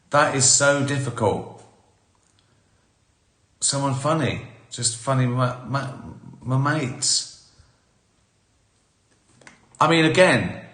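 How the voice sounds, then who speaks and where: A man's voice: mid-range voice, fairly bright tone. A middle-aged man and comedian chatting casually on a live stream, telling stories with dry humor and a lot of swearing. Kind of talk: casual chat. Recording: roomy echo.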